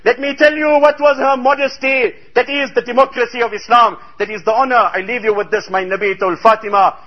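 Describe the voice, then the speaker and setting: A man's voice: very high voice, fairly even intonation, a little fast, lo-fi sound. A man preaching a sermon, telling a story with emphatic, rhetorical exclamations.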